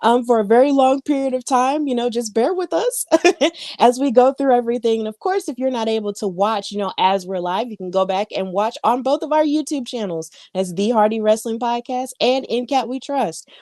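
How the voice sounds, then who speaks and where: A woman's voice: fairly high pitch, warm tone, no echo. Chatty woman podcast co-host, dry sound. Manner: chatty, many fillers and asides. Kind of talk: casual wrestling recap chat.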